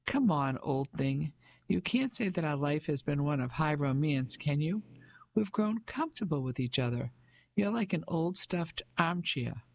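A man's voice: fairly high pitch, lively intonation, unhurried, gravelly. A man voicing a pompous fifty-five-year-old businessman in an audiobook, speaking in a blustering, patronizing way. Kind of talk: audiobook character voice.

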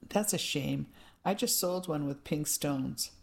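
Lady narrator doing a chummy salesman guy, low, eager, storybook. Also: takes it slowly, creaky, heavily acted. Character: salesman, man, short, tattooed, eager.

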